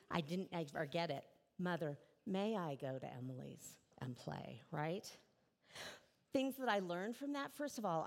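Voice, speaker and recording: A middle-aged woman pastor giving a conversational sermon in church, often checking in with "right?". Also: medium pitch.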